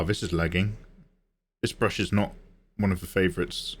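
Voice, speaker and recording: A man's voice: sits low, fairly even intonation, moderate pace, a little hiss or hum. A man chatting and joking casually while he draws on a livestream. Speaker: livestreaming artist. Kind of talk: casual chat while drawing.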